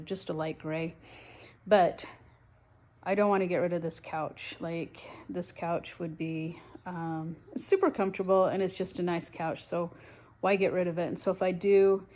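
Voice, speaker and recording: A middle-aged woman with a lowish, warm voice runs a home DIY vlog, giving a casual, rambling walkthrough of how she's fixing the walls in her house. She's chatty and self-deprecating, recording inside a room under renovation on a handheld phone or a camera on a tripod.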